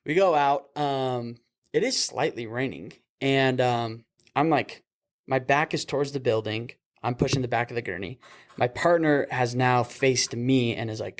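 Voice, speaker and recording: A young man, a paramedic, casually telling a work story over beers, laughing and acting out the voices of the people in it. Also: mid-range voice. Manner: animated, acts out voices in his stories, laughs often. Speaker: paramedic podcast host.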